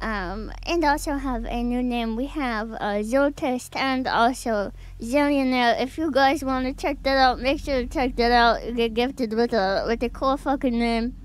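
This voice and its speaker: A woman streamer chatting casually to her viewers, giggly and excitable, rambling with lots of fillers. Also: a little high, a little slow, few pauses.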